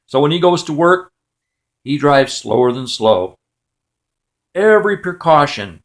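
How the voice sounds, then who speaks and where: A man's voice: fairly high pitch, lively intonation, a little slow, long pauses. A man telling a joke as a story in a clipped, matter-of-fact way, often dropping the subject of a sentence.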